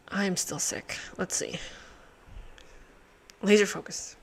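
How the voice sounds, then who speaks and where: A woman's voice: medium pitch, steady tone, takes it slowly, pauses often, slight background noise. A woman hosting a puzzle channel, thinking aloud as she solves, muttering to herself, swearing and laughing often.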